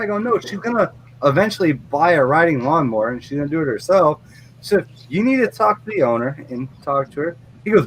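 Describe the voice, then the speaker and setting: A man's voice: a little high, expressive, a little fast, slight background noise, low-quality recording. A middle-aged man who runs a lawn mowing business, telling a blunt, profane story in a casual podcast chat.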